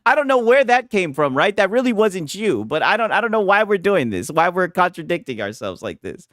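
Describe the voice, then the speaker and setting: A man hosting a stream, giving animated, profane reaction commentary and trash talk. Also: high voice, brisk, dry recording, studio quality. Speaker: streamer host.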